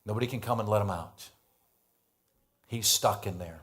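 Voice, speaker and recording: An American man preaching a sermon as pastor, telling a Bible story with animated voices for the characters. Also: lowish voice, normal speed. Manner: animated storytelling, acts out biblical dialogue.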